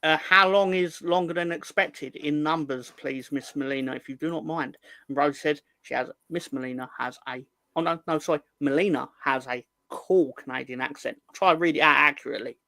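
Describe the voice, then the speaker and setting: A man hosting a casual live chat, reading out viewer comments in a playful, rambling, excitable way. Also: a little high, brisk, creaky, no room sound. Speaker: host.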